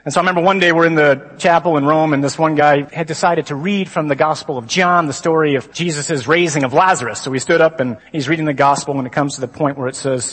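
A man, a priest, giving a lively conference talk to a crowd of men. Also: on the high side, quick pace. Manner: lively, mimics stuffy readings. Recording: long hall reverb.

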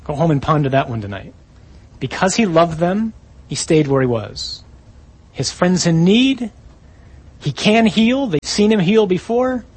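Husky man preaching with emphatic rises. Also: expressive, measured pace, long pauses. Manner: emphatic, rising sharply on quoted lines, dropping low at key points. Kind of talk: sermon.

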